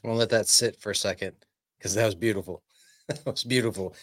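A male podcast host with a fairly low voice asks questions and praises his guest with open enthusiasm. The sound is close and dry, with no room in it. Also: fairly quick, no echo. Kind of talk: interview conversation.

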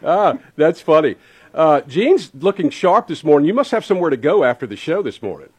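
A man's voice: fairly high pitch, very animated, a little fast, a little mellow, husky. A man co-hosting a morning radio talk show, chatty and joking, laughing easily. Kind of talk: casual morning radio chat.

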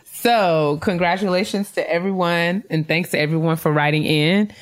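A woman's voice: lowish voice, normal speed. A woman co-hosting a casual podcast, reading listener emails and congratulating graduates with easy laughter. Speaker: podcast co-host.

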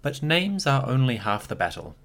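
A man hosting a history podcast, reading a scripted narration with lively storytelling and occasional wry asides. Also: medium pitch, moderate pace. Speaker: podcast host.

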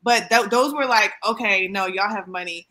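Woman in her thirties, podcast co-host, bright voice, animated, casual chat with playful mock voices. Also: medium pitch, normal speed. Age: 30s.

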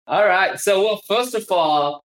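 Male host, Southern accent, excitable and rambling, live-stream chat on a video call. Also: high-pitched, unhurried. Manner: enthusiastic, rambling, many restarts and fillers. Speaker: podcast host. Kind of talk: casual live-stream interview. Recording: roomy, echoey room sound.

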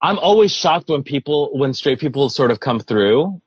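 A man's voice: medium pitch, animated, normal speed, husky, no room sound, highs cut off. A man co-hosting a podcast in casual chat, effusive and emotional, swearing freely. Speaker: podcast co-host.

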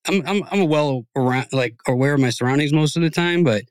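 A man's voice: a little high, fast, smooth, dry recording. A man co-hosting a podcast, telling a long story in loose, profane casual chat. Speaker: podcast host.

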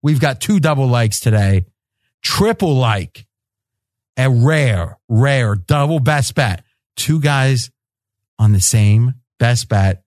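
A man hosts a sports betting roundtable, ribbing his panel and laughing as he goes. He talks at an unhurried pace, and his mid-range voice sits close and dry on the mic. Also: mid-range voice, expressive, darkish tone, dry recording. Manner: teasing, laughs often, ribs his guests. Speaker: podcast host.

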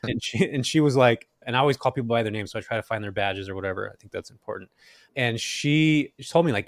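Dude from central valley california telling his backstory quick, acts out what people said. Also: medium pitch, no room sound, clean studio sound. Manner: animated storyteller, acts out quoted lines. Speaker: guest, real estate investor. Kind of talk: storytelling in a podcast interview.

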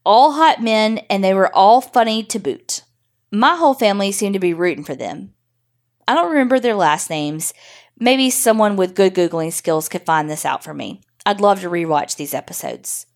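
Woman, podcast host, story reading, wry, swears freely, medium pitch. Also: animated, moderate pace. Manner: wry, profane, conversational storytelling.

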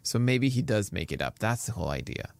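A man's voice: on the low side, sing-song, gravelly, dry recording. Chatty man rattling off stats. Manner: stat-heavy, talks fast and laughs at his own puns. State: drinking coffee. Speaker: podcast co-host. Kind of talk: casual fantasy baseball podcast chat.

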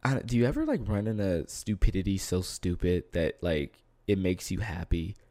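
A man co-hosting a casual chat, animated, laughing often and trailing off into fillers. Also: sits low, moderate pace, no room sound, studio quality. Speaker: co-host.

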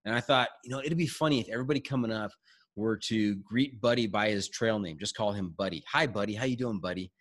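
A man hosting a podcast, telling a hiking story in casual chat, quick and animated with frequent restarts. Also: lowish voice. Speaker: podcast host.

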